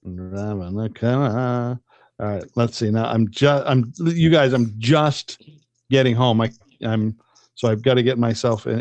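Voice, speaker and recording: A man's voice: medium pitch, no echo. A man casually telling a long, rambling story on a podcast, swearing freely. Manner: profane, rambling, animated storyteller. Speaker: podcast co-host.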